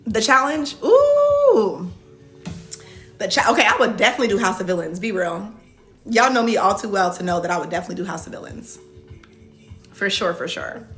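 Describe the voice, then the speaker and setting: Her mid-range voice races along with a bit of brightness, and faint music plays behind her. A reality show contestant, she runs a casual livestream Q&A, responding to comments as they come while stumbling into restarts and constant "like"s.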